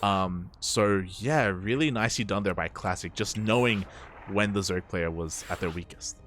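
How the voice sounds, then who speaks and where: Excitable male esports caster. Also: moderate pace, slight background noise. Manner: excitable, rising pitch at big moments. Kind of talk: live game commentary. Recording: faint game music underneath.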